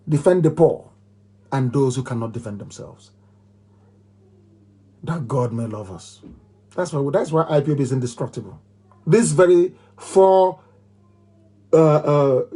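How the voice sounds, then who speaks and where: A middle-aged Nigerian-accented man delivers a live political address. His voice is high-pitched and husky. He drives his points home by repeating them and breaks into scornful laughter. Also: mellow. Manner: emphatic and repetitive, with mocking laughs. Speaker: movement leader giving a broadcast.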